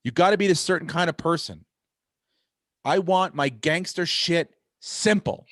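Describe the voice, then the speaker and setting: A man co-hosting a casual podcast, ranting in an animated, profane way. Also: a little high, unhurried, dry recording, studio quality. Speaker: podcast host.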